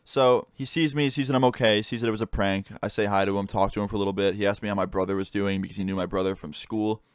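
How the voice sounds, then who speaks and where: A young man, a gaming YouTuber, casually telling a story time vlog, swearing freely and animated as he retells events. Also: fairly low pitch, fast, clear, resonant tone, no echo, clean studio sound.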